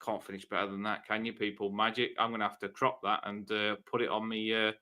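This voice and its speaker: Chatty fan host, loud sign-offs. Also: male voice, on the low side, flat delivery, quick pace. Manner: chatty, swears freely, loud bursts when wrapping up. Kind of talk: casual post-match chat on a live stream.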